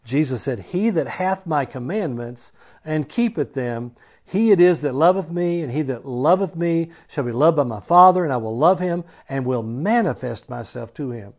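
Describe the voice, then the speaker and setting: A pastor reads scripture passages and then preaches on them in his own words, shifting between loud, emphatic stretches and hushed, near-whispered lines. He often repeats a word two or three times for emphasis, speaking at normal speed in an expressive voice on the high side.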